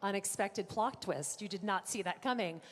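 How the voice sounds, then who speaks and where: A woman auctioneer runs a live car sale, rattling off figures and teasing bidders between calls. Her voice rings out in a large room with a long trailing reverb. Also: medium pitch. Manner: brisk bid-calling with playful asides to bidders.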